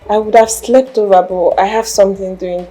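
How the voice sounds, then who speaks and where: A woman's voice: medium pitch, fairly even intonation, moderate pace, warm tone, faint music behind, natural voice, rough recording. An actress playing a polite young housemaid who reassures her employer, in a film. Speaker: maid. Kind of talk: film acting.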